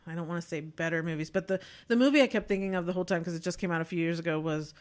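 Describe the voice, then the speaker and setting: A woman talks through a movie she saw in a relaxed podcast chat, rambling along with plenty of fillers. Her voice sits a little low and sounds smooth and resonant. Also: rapid-fire. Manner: chatty, rambling with many fillers. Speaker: podcast co-host. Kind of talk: casual chat, movie review.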